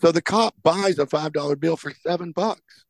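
A man's voice: on the high side, moderate pace, gravelly, no echo. A man hosting a podcast, telling stories in a casual chat and acting out the people in them. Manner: animated anecdote telling, acts out quoted characters. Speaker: podcast host.

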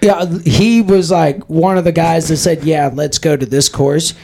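A man's voice: fairly high pitch, fairly even intonation, unhurried, creaky, a little mellow. A man hosting a podcast, telling stories with lots of swearing and laughter. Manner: profane, laughing storyteller. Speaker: podcast host. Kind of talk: casual chat.

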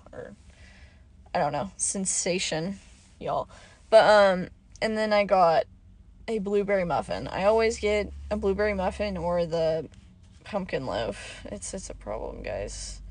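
A young woman hosting her own podcast, chatting casually and rambling off topic with lots of fillers, her voice a little hoarse. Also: mid-range voice, darkish tone. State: slightly hoarse. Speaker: podcast host. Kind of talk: casual solo podcast chat.

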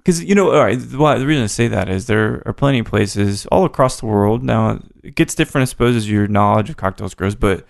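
A man's voice: lowish voice, lively intonation, brisk, vocal fry, few pauses. An American man hosting a podcast, interviewing guests in an easygoing, affirming way. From United States. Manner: easygoing, affirming, asks long questions. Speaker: podcast host. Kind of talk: casual interview.

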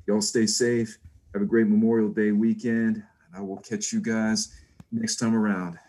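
A man, a podcast guest, giving a friendly brotherly shout-out to listeners. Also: on the low side, level tone, measured pace. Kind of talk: brief sign-off.

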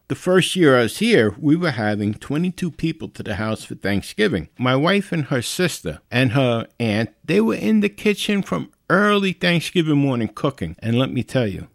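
A man's voice: medium pitch, dry recording, studio quality. A man hosting a podcast, telling stories in a casual, folksy, chatty way and talking to his listeners as friends. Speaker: podcast host. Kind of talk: casual storytelling monologue.

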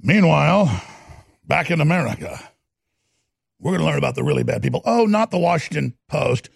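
A man's voice: fairly high pitch, sing-song, brisk, creaky, slightly rough, no room sound, clean studio sound. A man hosting a political talk show, ranting in a heated, sarcastic way. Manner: ranting, sarcastic, slips into mocking impressions.

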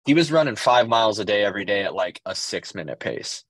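A man's voice: lowish voice, expressive, quick pace, a bit bright, no echo. A man co-hosting a podcast, telling rambling stories in casual chat with lots of fillers and swearing. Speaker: podcast co-host.

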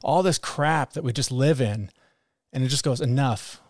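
A man talking frankly on a podcast, sprinkling his speech with profanity and now and then voicing the cruel critic in his head. His voice sits at an ordinary middle pitch. The sound is dry and close, with no room around it. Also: moderate pace, darkish tone, no room sound. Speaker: podcast co-host. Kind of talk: candid conversational chat.

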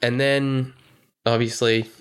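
A man co-hosting a podcast, excitedly retelling a movie plot in casual chat and swearing freely. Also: mid-range voice, slow, clear, resonant tone. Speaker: podcast co-host. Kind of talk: casual film recap chat.

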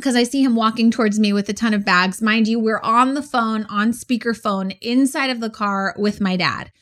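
Woman, podcast co-host, lively storyteller, casual chat, slightly high voice. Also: normal speed.

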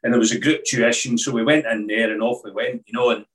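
Relaxed Scottish man, a bit off-mic. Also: medium pitch, fast talker, distant mic. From Scotland. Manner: hesitant, many restarts, relaxed storytelling. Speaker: guest, former snooker player. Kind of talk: casual interview chat.

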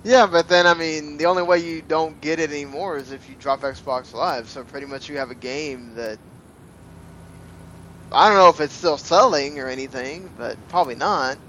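A man co-hosting a casual gaming podcast, talking in a fairly high voice. He rambles with lots of fillers and restarts, and a faint low rumble runs behind him. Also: normal speed, fairly bright tone, rough recording. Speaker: podcast co-host.

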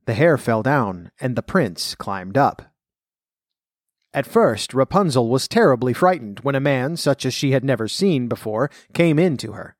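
A man reading a fairy tale aloud in a measured, even way, then talking about where the story came from. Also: medium pitch, dry recording, studio quality. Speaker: storyteller and folklore commentator.

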